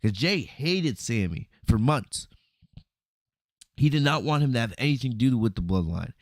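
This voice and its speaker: A man hosting a podcast, recapping a wrestling event in a casual, animated storytelling way, often asking "right?" and acting out lines. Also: medium pitch, normal speed, no room sound, clean studio sound. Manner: animated storytelling, acts out quotes, frequent "right?" and "you know". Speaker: podcast host reviewing wrestling. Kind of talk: casual solo review commentary.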